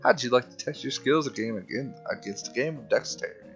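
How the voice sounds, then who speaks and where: A man voicing a folksy male clown who runs a shooting gallery, delivering smooth salesman patter. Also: medium pitch, fast, a bit bright, dull audio, soft background music. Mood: sales pitch.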